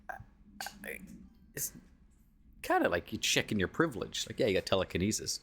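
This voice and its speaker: A man's voice: deep voice, fast, fairly bright tone, a little hiss or hum. A man streaming a video game, giving casual, musing commentary and swearing freely. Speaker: gaming streamer.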